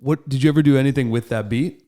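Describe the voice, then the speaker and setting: A man's voice: mid-range voice, quick pace, mellow. A man hosting a casual interview, answering with short agreements and asking follow-up questions. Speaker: podcast host.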